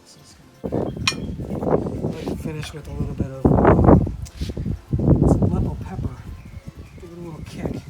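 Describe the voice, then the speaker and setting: A presenter giving a relaxed outdoor cooking demonstration at a pizza oven, often pausing with "uh" and restarting phrases. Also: medium pitch, heavy background noise. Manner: relaxed, many "uh" fillers and restarts. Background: loud background music.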